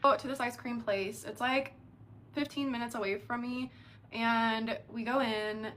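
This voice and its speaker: A young adult woman telling a dating story in a casual, animated way, with lots of "like" fillers. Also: fairly high pitch, a little slow, slight background noise. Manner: chatty, animated, heavy use of filler "like".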